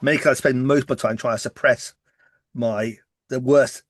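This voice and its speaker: A man with a mild English West Country accent, co-hosting a podcast and chatting casually, talking fast when excited. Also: mid-range voice, dry recording, studio quality. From West Country, England. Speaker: podcast co-host. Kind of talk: casual chat.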